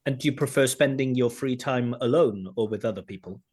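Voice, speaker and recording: Man, examiner, explanatory feedback, corrective, mid-pitched. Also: a little mellow, husky. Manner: explanatory, corrective, pauses to replay and comment. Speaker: IELTS examiner giving feedback. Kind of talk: spoken feedback commentary.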